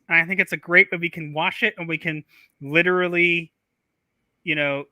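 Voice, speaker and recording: A man hosting a casual live stream, talking loosely and rambling between thoughts. His voice is very bright and edgy, a touch high, and sounds close and dry with no room around it. He keeps the chatter informal and unscripted. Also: no echo. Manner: rambling, full of fillers and restarts, loose and chatty.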